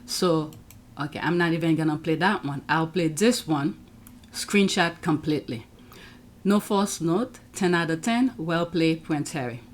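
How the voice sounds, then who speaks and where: A woman's voice: low voice, unhurried. A woman running her own online channel, chatting casually as she works through clips on screen, with frequent exclamations. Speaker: YouTube commentator. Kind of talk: casual reaction commentary.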